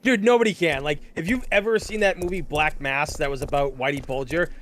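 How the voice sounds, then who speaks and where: A man's voice: a little high, a little fast, a bit bright, a little hiss or hum. A man with a Boston accent chatting casually on a game stream, telling laid-back anecdotes. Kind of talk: casual chat.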